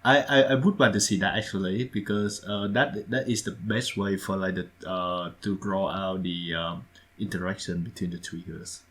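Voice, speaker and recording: Man, low voice, hesitant, halting non-native grammar, podcast co-host. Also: steady tone, a bit bright. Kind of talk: casual discussion.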